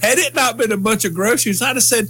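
A man co-hosting a radio morning show, telling a story in casual chat, animated and quick to break into loud laughter. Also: very high voice, slightly rough, rough recording.

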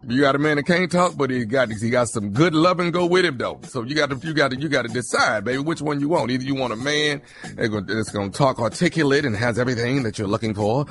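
A man voicing a mumbling, slow-talking Southern boyfriend who slurs and repeats his words. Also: medium pitch, fairly bright tone, pitched below the performer's own voice, close to an everyday voice. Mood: boastful. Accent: Southern US drawl.

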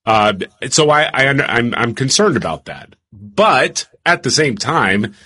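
A male co-host chats casually and tells stories about himself with a self-deprecating streak. His voice is husky and sits at a middle pitch. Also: expressive, unhurried, sharp tone. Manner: chatty, self-deprecating storyteller. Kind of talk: casual chat.

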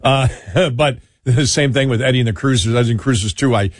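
A radio talk show host runs a casual political show, rambling through anecdotes, restarting often and chuckling as he interrupts himself. His mid-range voice is brisk, recorded in clean studio sound without room sound.

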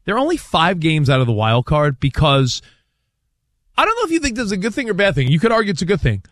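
Sports host, male, lively and high, dry close mic, rambling sports chat. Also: fast, no room sound. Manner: animated and rambling. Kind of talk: casual sports talk.

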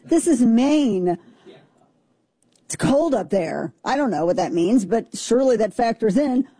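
A woman's voice: fairly high pitch, animated, normal speed, dark tone, breathy edge, dry recording. A woman in her forties, co-hosting a casual on-air chat, telling stories with self-mocking asides. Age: 40s. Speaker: radio show co-host.

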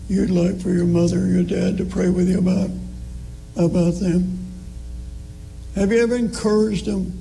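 A man preaching a sermon slowly and emphatically, pressing his listeners with rising appeals. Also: high voice, vocal fry, mellow, a little hiss or hum, low-quality recording.

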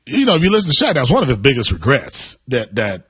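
Lively, playful male radio co-host. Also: medium pitch, fast, breathy edge, no room sound. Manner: playful, bantering, lively intonation. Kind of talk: sports talk radio chat.

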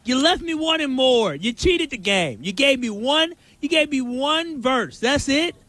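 A man co-hosting a sports talk show speaks in a high, bright voice that swings widely in pitch. He makes his points with force and emphasis. His voice sounds close and dry. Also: unhurried, no echo. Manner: animated, emphatic critique. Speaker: radio show co-host. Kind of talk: casual sports radio chat.

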